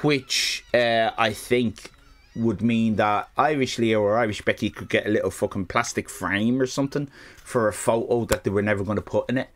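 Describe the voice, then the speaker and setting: A man's voice: on the low side, moderate pace. A man streaming live, telling a rambling, profane comic story and interrupting himself often.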